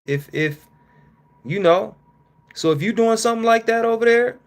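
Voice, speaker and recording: Male streamer host, mid-pitched, loose and profane, quick laughs, loud-to-mumbled delivery. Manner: profane, joking, laughs often, animated swings in loudness. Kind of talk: casual live-stream Q&A.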